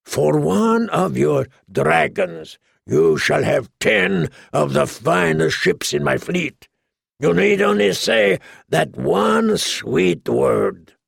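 A man voicing a sly, greedy male merchant prince who teases and bargains in a slow, drawling way. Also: fairly high pitch, lively intonation, creaky, breathy edge, dry recording, studio quality, full character voice. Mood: sly wheedling.

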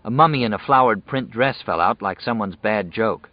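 A man reading a novel aloud in measured, even scripted narration. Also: on the low side, no echo. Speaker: audiobook narrator. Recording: dull dry lo-fi audio.

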